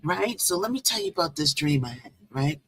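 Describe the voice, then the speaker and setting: A woman's voice: deep voice, big pitch swings, a little fast. Chatty woman livestreamer telling a dream. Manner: chatty, rambling, talks to chat viewers. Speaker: livestream host. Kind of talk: casual live-stream storytelling. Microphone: phone or laptop with Bluetooth.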